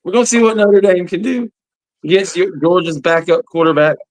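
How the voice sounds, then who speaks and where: High-voiced man arguing, profane. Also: a little fast, no room sound. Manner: profane, argumentative. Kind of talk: casual sports chat.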